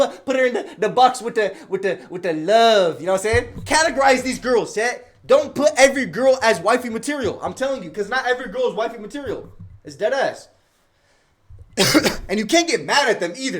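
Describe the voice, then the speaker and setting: A young man livestreaming, giving casual slang-heavy advice to his chat and telling stories. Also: extremely high pitch. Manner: slangy, animated, storytelling with asides.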